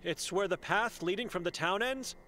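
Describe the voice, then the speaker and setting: A man's voice: high voice, moderate pace, sharp tone. An actor playing a monk from Hungary who searches for his missing sister, asking polite, anxious questions.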